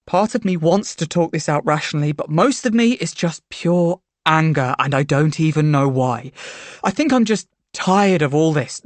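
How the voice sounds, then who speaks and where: A woman narrating a first-person story aloud in a quiet, subdued way. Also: low voice, no room sound. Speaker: story reader.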